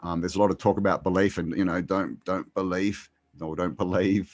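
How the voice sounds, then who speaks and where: A man speaking in a very low voice, recorded dry and close. He talks as a guest in a relaxed conversation, pausing often with ums and restarting his sentences. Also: dry recording. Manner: hesitant, many ums and restarts. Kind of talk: casual conversation.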